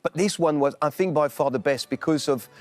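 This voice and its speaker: Guy on a morning show, quick and kinda high, rambly, dry sound. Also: faint music behind. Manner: expansive, repeats "you know" and restarts. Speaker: maître d' guest on a TV show. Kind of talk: animated interview talk.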